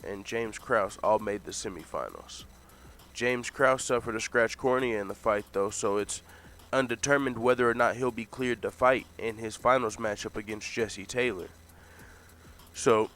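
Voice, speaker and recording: A man's voice: medium pitch, fairly bright tone. A man hosting a casual audio recap, telling the story loosely with plenty of swearing and chuckles. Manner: loose, profane storytelling, laughs at own retelling. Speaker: podcast host.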